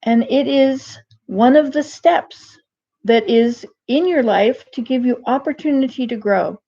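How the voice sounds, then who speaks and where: Rambling and digressive, this older woman vlogs live to her audience in a folksy way, frequently restarting what she says. Captured on muffled, dull webcam audio, her somewhat high voice carries a dark tone.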